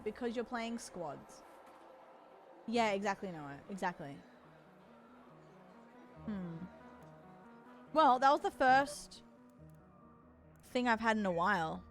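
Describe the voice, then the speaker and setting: A woman's voice: on the high side, big pitch swings, slow pace, pauses often, fairly bright tone, faint music behind. A young woman streaming a game, chatting casually with viewers, reacting aloud and swearing now and then. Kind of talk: casual gaming stream chat.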